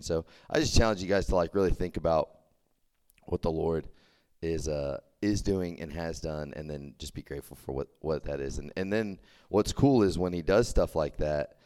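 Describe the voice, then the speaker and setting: Deep-voiced chatty young preacher. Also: male voice, darkish tone. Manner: chatty, full of "like" and restarts. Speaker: campus ministry preacher. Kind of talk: casual youth sermon.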